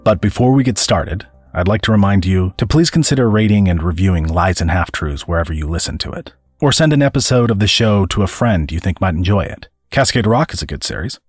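Deep-voiced man for audiobook narration, husky, lively delivery. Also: fairly quick, few pauses, no echo, studio quality, faint music behind. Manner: expressive, dramatic reading. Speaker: podcast host and narrator. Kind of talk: scripted storytelling narration.

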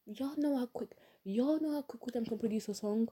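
A woman in an excited, casual rant to the camera, gushing and swearing, who often drops into a breathy whisper. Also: on the high side, moderate pace, hardly any pauses. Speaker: fan vlogger.

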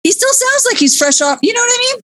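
A woman hosting a casual chat, joking and animated, dropping in Tagalog words. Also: very high voice, quick pace, dry recording. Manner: lively, joking, mixes in Tagalog.

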